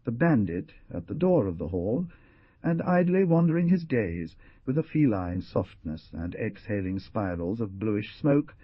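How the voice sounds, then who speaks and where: A man's voice: fairly low pitch, big pitch swings, measured pace, no echo, lo-fi sound. A man narrating an adventure audiobook with dramatic rises and falls. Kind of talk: scripted narration.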